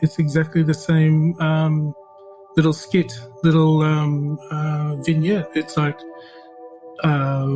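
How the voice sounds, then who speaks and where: A man's voice: on the high side, little pitch movement, takes it slowly, dark tone, soft background music, rough recording. Rambling man telling stories. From Australia. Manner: rambling, lots of fillers, acts out quoted voices. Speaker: interview guest. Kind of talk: casual anecdotal storytelling.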